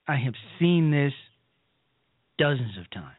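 A man's voice: medium pitch, sing-song, husky, no room sound. A man from the south side of Chicago hosting a call-in radio talk show, delivering blunt, emphatic commentary. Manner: slow, emphatic, preachy. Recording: dry, phone-like call-in radio line.

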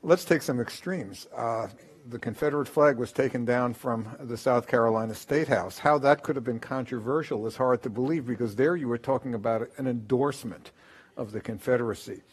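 A man on a discussion panel, answering in a measured, thoughtful way. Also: medium pitch, slightly rough.

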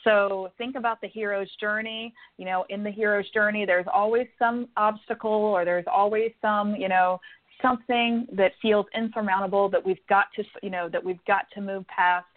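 A woman's voice: medium pitch, steady tone, normal speed. A woman psychic medium giving call-in readings on the radio, talking emphatically and repeating words for stress. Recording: phone-line sound.

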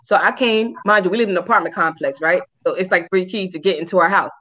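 With the highs cut off, the audio carries a woman speaking at a quick pace. This podcast co-host is animated and profane as she tells a story casually, squealing out people's quotes.

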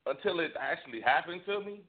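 A man's voice: a little high, animated, fast talker, crowd noise. A man on a radio show telling a story in casual chat, rambling and profane, with many restarts. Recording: tinny phone-like sound.

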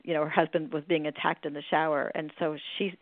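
A woman hosts a podcast and tells funny stories in an animated, chatty way, laughing along with her own punchlines. Her voice comes through narrow and phone-like. The sound is dry and close. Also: low voice, quick pace, no room sound. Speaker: podcast host.

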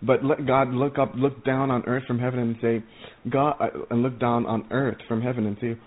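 A man's voice: medium pitch, little pitch movement, moderate pace. A male preacher giving an earnest testimony sermon, often stumbling and repeating words as he tells of his vision. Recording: tinny phone-like audio.

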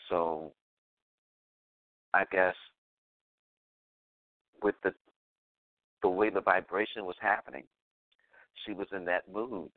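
Over a dry, tinny phone line, a low-pitched man co-hosting a call-in talk show tells a story. He's loose and chuckling as he goes, repeating his phrases.

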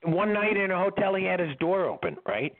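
An older man, a guest musician, telling tour stories in an interview in an animated, laughing way. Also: sits high, brisk. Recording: tinny phone-like line.

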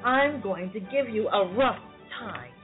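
A woman's voice: fairly high pitch, animated, a little slow, voice pushed down. A woman voicing a big, boastful male rhinoceros in a bedtime story, breaking into laughter. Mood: gruff. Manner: bursting into laughter. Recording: phone-like lo-fi sound, faint music.

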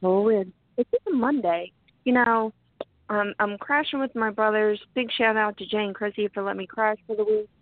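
A woman's voice: medium pitch, steady tone, moderate pace. A woman from southeastern Pennsylvania with its accent, co-hosting a chatty, giggly conversation. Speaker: co-host. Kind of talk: casual chat. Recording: tinny phone-like call audio, dry.

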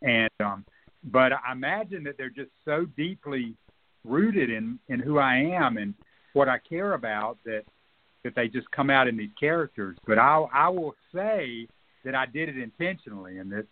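Guest novelist, male, thoughtful and halting, plenty of ums; narrow phone-quality sound. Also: mid-range voice, lively intonation. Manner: reflective, hesitant with many fillers and restarts. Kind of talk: radio interview conversation.

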